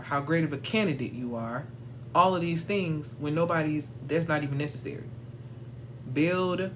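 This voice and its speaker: Lively, emphatic woman coaching. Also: sits low, slight background noise. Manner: emphatic and slangy, calls listeners "y'all" and "baby". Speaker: leadership coach for women. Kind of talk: casual motivational training talk.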